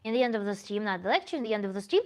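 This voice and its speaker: A woman's voice: mid-range voice, expressive, racing. A woman tantra coach hosting a livestream Q&A, reading chat comments aloud in a thoughtful, self-correcting way with small laughs.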